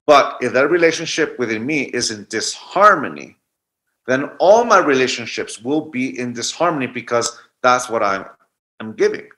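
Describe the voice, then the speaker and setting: A man's voice: mid-range voice, animated, normal speed, sharp tone. A man in his forties, a guest telling a reflective personal story and often restarting mid-thought. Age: 40s. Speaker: guest speaker.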